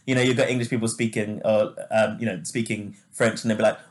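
A man's voice: on the low side, steady tone, fast talker. A man co-hosting a casual chat podcast, talking loosely with lots of fillers and laughing easily. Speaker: podcast co-host.

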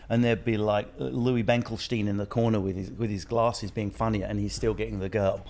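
A man's voice: on the low side, fairly even intonation, darkish tone. A man with an English accent hosting a podcast in casual chat, joking and breaking into bits and little impressions, often restarting his sentences. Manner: joking, doing bits and voices, halting restarts. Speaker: podcast host.

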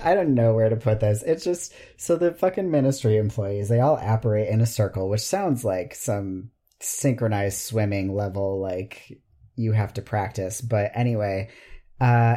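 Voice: medium pitch, dark tone. A podcast co-host with an American accent in casual chat, talking in a wry, frank and talkative way.

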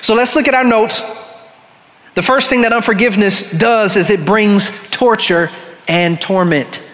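A man preaches in a relaxed, conversational way and slips into short dramatic voices for the people in his story. His voice sits high, and the sound rings out with the long reverb of a church sanctuary. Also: a little slow. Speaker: pastor. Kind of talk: sermon.

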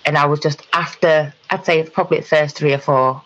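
A woman recounting a personal experience in conversation, halting, with frequent ums and restarts. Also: deep voice, fairly even intonation, a bit bright, lo-fi sound. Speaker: guest.

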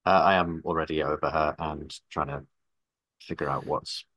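A man's voice: extremely low pitch, level tone, normal speed, a bit bright, dry recording, dull audio. A man playing a tabletop game, stating his character's actions matter-of-factly. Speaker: player. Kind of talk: tabletop role-play.

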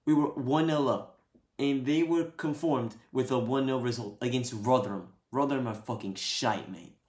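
A man's voice: medium pitch, moderate pace, a little mellow, reverberant. A man giving a blunt, exasperated post-match rant as a football fan podcaster, swearing and venting.

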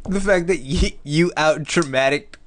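A man hosting a podcast, talking in quick casual chat and laughing easily. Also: a little high, fairly bright tone, slight background noise. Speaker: podcast host.

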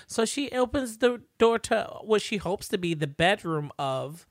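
A woman's voice: mid-range voice, lively intonation, measured pace, no room sound. A woman with a mid-range voice chats loosely on a podcast, wandering through guesses and fillers. The sound is close and dry. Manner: rambling, speculative, many fillers. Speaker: podcast co-host. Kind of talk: casual recap chat.

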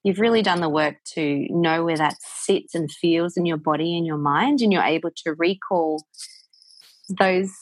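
A woman's voice: on the low side, normal speed, no echo. An Australian woman, a voice coach, explaining in a loose, encouraging way with plenty of fillers. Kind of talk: conversational interview.

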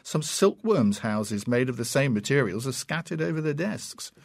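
Measured male reader of classic fiction. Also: medium pitch, vocal fry, dry recording. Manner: measured, unhurried, expressive. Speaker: narrator. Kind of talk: dramatic reading of classic fiction.

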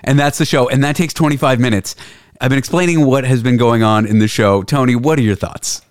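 A man hosting a podcast, explaining things in a blunt, animated casual chat. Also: mid-range voice, a little fast, dry recording, studio quality. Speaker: podcast host.

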